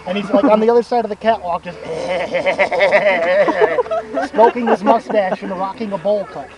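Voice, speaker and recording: A man's voice: high voice, quick pace, a loud crowd, rough recording. A young man telling a crude, rambling story to friends in a casual, profane way, laughing at his own jokes. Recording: music playing loudly behind.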